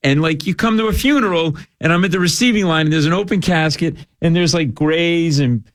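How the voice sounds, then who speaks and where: A middle-aged man from Rhode Island, a guest comedian telling rambling, animated stories in casual chat. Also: on the high side, brisk, no echo. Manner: rambling, animated, full of "like" and asides. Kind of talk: comic storytelling in casual chat.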